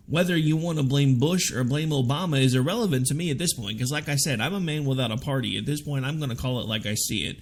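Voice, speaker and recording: A man hosting a political talk radio show, arguing his views forcefully. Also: mid-range voice. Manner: forceful, opinionated, argumentative.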